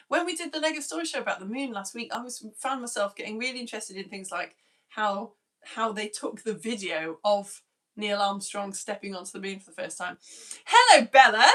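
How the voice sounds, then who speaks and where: A woman in her forties, a science teacher, chatting warmly through viewer comments on a live-streamed lesson, greeting each by name. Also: mid-range voice, expressive, a little fast.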